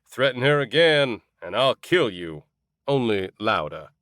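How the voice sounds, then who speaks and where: A man voicing a polite, smiling man who stays calm and dangerous. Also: medium pitch, unhurried, no echo, studio quality.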